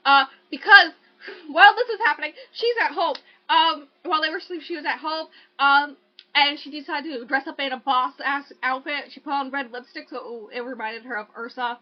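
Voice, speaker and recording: A woman's voice: high voice, normal speed. A young woman casually recapping a book plot on a podcast, rambling and swearing with lots of fillers. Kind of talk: casual chat. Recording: dull lo-fi home recording.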